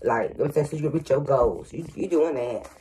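A woman's voice: very deep voice, fast talker, mellow, slight background noise. A grandmother working as a psychic medium, giving a casual reading to viewers with frequent stutters, fillers and "y'all". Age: older.

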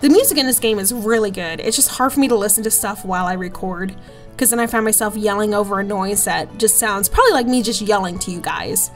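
A woman's voice: medium pitch, quick pace, faint music behind. A young woman gaming host chatting her way through a let's play, giggly and easily delighted.

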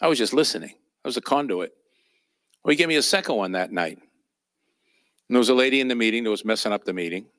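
At a church training session, a man teaches through personal ministry stories, conversational and anecdotal, with fillers and chuckles, in the style of a storytelling sermon. His mid-range voice is animated, fast, a bit bright, and he pauses often. The recording is studio quality with no room sound.

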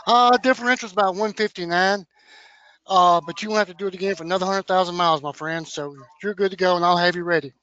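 A man's voice: high voice, quick pace, a bit bright, smooth. A man role-playing a friendly service advisor on a sales call, upbeat and calling the customer "my friend". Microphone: video call. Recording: muffled call audio.

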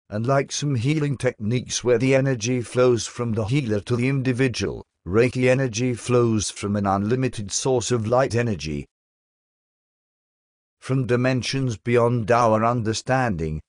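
A man giving a scripted narration, reading in a slow, measured, soothing way. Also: medium pitch, a little mellow, dry recording, studio quality.

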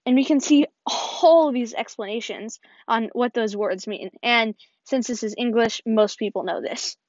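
A woman's voice: on the high side, moderate pace, darkish tone, no echo. A woman hosting an app tutorial, talking viewers through it step by step in an upbeat way and often saying "perfect". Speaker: tutorial host. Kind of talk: screen-recording app tutorial voice-over. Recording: dull, dry lo-fi voice-over.

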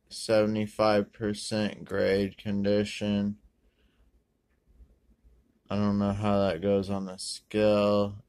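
A man rambling through a pack opening, correcting himself and using many ums and uhs, with sudden bursts of excitement. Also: lowish voice, clear, resonant tone. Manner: bursts of excitement over good pulls. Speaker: card-opening video host. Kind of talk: casual pack-opening commentary.

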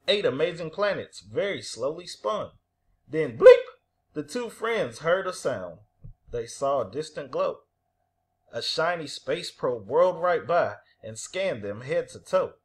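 Male storybook reader for children, slightly high voice, unhurried. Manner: lively, animated storytelling. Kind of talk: children's picture book read-aloud.

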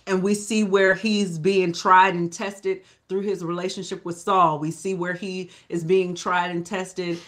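A Bible study teacher leading a live church lesson, with a voice sitting at an ordinary middle pitch. The delivery is relaxed and conversational. The teacher keeps checking in with the group and sometimes backs up to rephrase a thought. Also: measured pace, hardly any pauses. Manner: conversational, often asks "you know?"; restarts and self-corrections.

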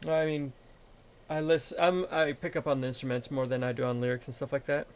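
A man's voice: medium pitch, fairly even intonation, brisk, a little hiss or hum. A man chatting casually with a friend while playing a game, in an easygoing way. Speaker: gamer. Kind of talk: casual chat while gaming.

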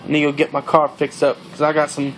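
A man's voice: fairly high pitch, monotone, fast talker, fairly bright tone, a little hiss or hum, natural voice. A young man playing a cocky young party-bro gamer who brags in drawling slang during a comedic monologue over gameplay. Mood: boastful bro.

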